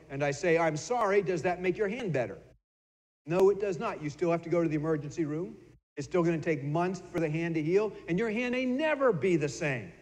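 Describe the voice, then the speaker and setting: A man's voice: a little high, a little mellow. A middle-aged man giving a sermon as pastor, talking in a conversational way, often repeating words and acting out little bits of dialogue. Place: church sanctuary. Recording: long church reverb.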